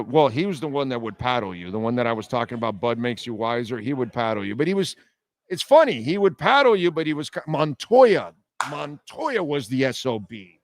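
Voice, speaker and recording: Profane, rambling radio host. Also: male voice, mid-range voice, no echo. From Miami. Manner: profane, rambling storytelling, reading chat comments. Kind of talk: casual live-stream chat.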